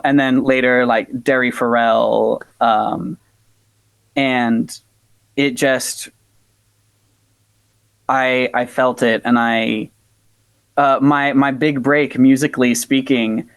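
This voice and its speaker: An American man, a folk-punk musician, tells an animated story in a casual interview, peppering it with filler words and acting out the voices of others. His voice sits at a middling pitch and sounds dry and close. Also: slow, creaky, long pauses, dry recording. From United States. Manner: animated storyteller, acts out quotes, many fillers like "like".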